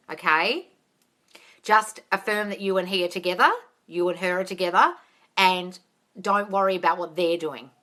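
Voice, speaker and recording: A bright, crisp woman's voice, talking into a phone or webcam on a casual live stream. She reads out viewers' comments and answers them bluntly, sprinkling in swear words and calling everyone darling. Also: lowish voice. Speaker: manifestation coach answering live questions.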